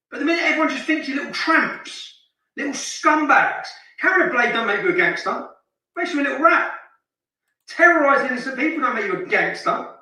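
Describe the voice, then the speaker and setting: A man's voice: very high voice, bright, forceful tone, very echoey, recorded from a distance, poor audio. A man from Luton delivering heated, scornful commentary over a street video, hammering his points through repetition. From Luton, England. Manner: heated, scornful, repeats phrases for emphasis. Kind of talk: indignant ranting commentary.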